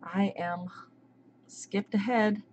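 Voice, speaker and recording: A woman's voice: mid-range voice, steady tone, drawn-out words, darkish tone, highs cut off, a little hiss or hum. A woman hosting a casual live stream, chatting and reading out viewers' names as they come in. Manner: chatty, greets viewers by name.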